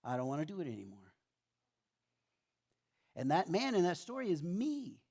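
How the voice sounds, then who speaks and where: A man's voice: a little high, wildly swooping pitch, normal speed, darkish tone. A middle-aged man preaching a sermon in a church, telling stories conversationally and acting out his own complaints. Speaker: pastor.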